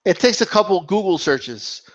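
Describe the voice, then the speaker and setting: A man's voice: high-pitched, lively intonation, normal speed, highs cut off. A man giving heated, profane boxing commentary, restarting his sentences often as he rants. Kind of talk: ranting commentary vlog.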